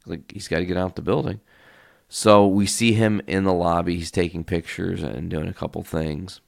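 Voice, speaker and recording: Male solo podcast host, low gravelly voice, loose storyteller who swears casually, close mic. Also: moderate pace, no echo. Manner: animated, tells stories by acting out quoted voices.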